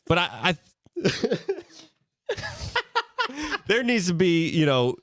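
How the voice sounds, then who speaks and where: A man riffing on a casual podcast, his pitch leaping around as he gets worked up. He rants with real comic exasperation and laughs often. The sound is dry and close. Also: very slow, no room sound. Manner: ranting, animated, laughs often. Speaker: podcast co-host. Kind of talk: casual banter.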